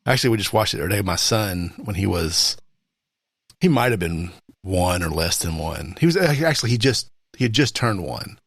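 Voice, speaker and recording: A middle-aged Southern man shares family stories on a casual podcast, chuckling as he goes. His voice is low, gravelly and husky. The recording is dry and close. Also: animated, normal speed, fairly bright tone, dry recording. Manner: chuckling, anecdotal. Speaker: podcast co-host.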